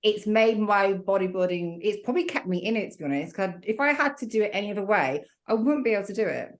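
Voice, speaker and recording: A woman's voice: medium pitch, expressive, quick pace. A young woman guesting on a podcast, chatting casually and acting out her own asides with self-mocking humour. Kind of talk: casual interview chat.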